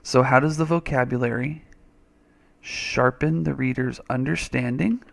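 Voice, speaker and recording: A man's voice: mid-range voice, fairly even intonation, a little slow, creaky. A man teaching a reading lesson over a screen recording, chatty and thinking aloud, with little playful sound effects.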